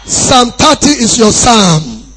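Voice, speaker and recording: A male preacher giving an emphatic sermon, repeating phrases and rising to shouts. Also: very high voice, huge pitch swings, slow, husky, rough recording.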